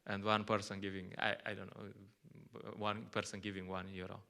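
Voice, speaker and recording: A man's voice: fairly low pitch, little pitch movement, moderate pace, creaky, sharp tone. A man with Slovenian as his first language giving a conversational scripture class in English, often laughing and acting out little quotes. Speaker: lecturer at a temple.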